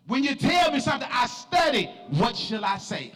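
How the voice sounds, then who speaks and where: A middle-aged man, preaching an emphatic sermon as pastor and often shouting in a preaching cadence. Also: very high voice, very animated, normal speed. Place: church sanctuary. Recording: long church reverb with faint music.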